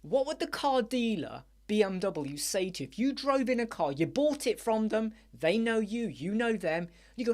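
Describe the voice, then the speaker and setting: A man hosting a live Q&A chat show, rambling and animated, with many fillers. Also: high-pitched, moderate pace, few pauses. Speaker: host. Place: dark room with soundproof panels.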